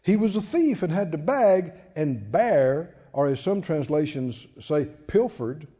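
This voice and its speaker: A preacher delivering a dramatic call-and-response sermon in a church. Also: male voice, fairly high pitch, animated, unhurried, warm tone, breathy edge, in a large hall, highs cut off.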